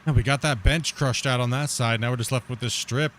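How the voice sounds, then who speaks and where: A man's voice: medium pitch, fairly even intonation, brisk, a bit bright, a little hiss or hum. A man chatting casually while streaming a game, rambling, repeating himself and laughing easily. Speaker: gaming streamer. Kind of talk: casual chat while playing.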